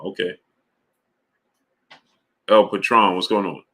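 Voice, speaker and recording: A man running a live stream and reading out his viewers' chat, with a bright, forceful tone. He gets exasperated and repeats himself, his voice climbing high when he argues a point and sinking low and quiet when he gives up. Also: steady tone, takes it slowly. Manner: exasperated, repetitive, voice jumps high when arguing.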